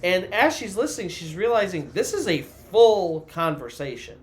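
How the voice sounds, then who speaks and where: Very animated and high-voiced, this man recounts a spooky story at normal speed. He keeps it loose and chatty, with plenty of "you know" and "kinda" along the way.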